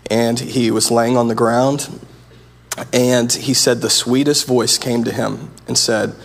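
A man's voice: mid-range voice, little pitch movement, a little slow, vocal fry. A man preaching a sermon as pastor, earnest and conversational, often restarting his sentences.

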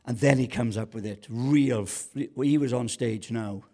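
A man's voice: medium pitch, measured pace, warm tone. A man preaching a sermon as a guest pastor, colloquial and joking, building to passionate calls to the congregation.

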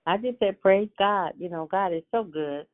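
A woman's voice: medium pitch, normal speed. Church member woman on a phone line. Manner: affirming, responsive. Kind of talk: phone-in responses. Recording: tinny phone line, dry.

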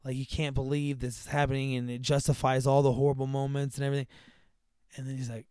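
A man's voice: medium pitch, flat delivery, fast talker, a little mellow, clear, resonant tone, no room sound. A man in casual chat, retelling a movie in a rambling way, full of fillers and acted-out lines in a raised voice. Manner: rambling, filler-heavy, acts out characters in a raised voice.

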